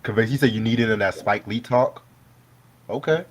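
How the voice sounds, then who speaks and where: A man with a lowish voice hosts a live stream at normal speed, eating dinner while he chats. The banter is loose and profane, full of swearing and laughter.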